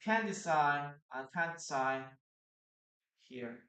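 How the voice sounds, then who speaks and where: A man's voice: fairly high pitch, expressive, slow, pushed and bright. A man whose first language is Spanish, teaching a live online English class and patiently explaining grammar through example sentences on a computer mic.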